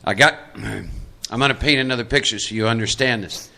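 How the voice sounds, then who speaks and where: A man's voice: mid-range voice, brisk, gravelly, bright, forceful tone. A middle-aged man from Texas leading a live recovery workshop, coaching audience volunteers into roles and stressing key points with repetition. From Texas, USA. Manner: emphatic, repeats key points.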